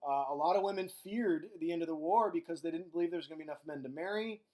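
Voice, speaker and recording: A man delivers a recorded world-history lecture in a loose, joking manner full of fillers and side remarks. His voice sits a little high for a man. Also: fast, a little mellow. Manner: casual and joking, with frequent fillers. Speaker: history teacher.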